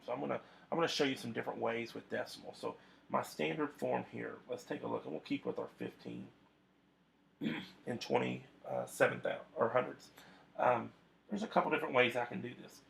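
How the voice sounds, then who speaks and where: A man's voice: medium pitch, creaky, a bit bright, slight background noise. A man teaching a video math lesson to his students, talking conversationally with frequent fillers and restarts.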